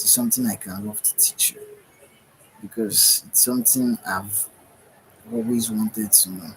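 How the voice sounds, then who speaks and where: A man's voice: fairly low pitch, a little hiss or hum, poor audio. A tired man hosting a livestream, giving a rambling spiritual monologue and often searching for his words. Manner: meandering, searching for words, frequent "right?". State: tired, yawning. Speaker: livestream host.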